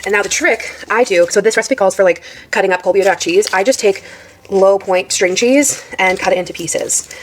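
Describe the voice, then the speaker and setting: A woman vlogging casually on a phone while cooking, chatty and excitable with many fillers. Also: medium pitch, moderate pace, slight background noise. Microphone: phone camera.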